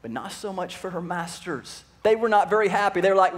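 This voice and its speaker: A pastor preaching a sermon in an animated way, acting out voices and asking the audience questions. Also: male voice, sits high, fairly quick, few pauses.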